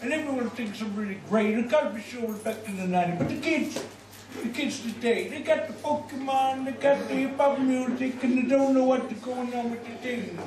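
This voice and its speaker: A middle-aged male comic who grumbles and preaches about the kids of today, as a man puts him on. His voice is pitched far up and comes out sing-song. The sound is distant and roomy. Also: moderate pace. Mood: lecturing. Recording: echoey bar heard from afar, noisy.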